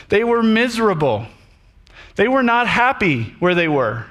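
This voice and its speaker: A man preaching a sermon to his congregation, animated and addressing them directly. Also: high voice. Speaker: pastor.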